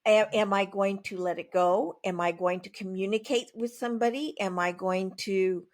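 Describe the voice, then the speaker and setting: A woman author speaking as a guest in a conversational interview, emphatic and plain-spoken, with animated asides. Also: mid-range voice, normal speed.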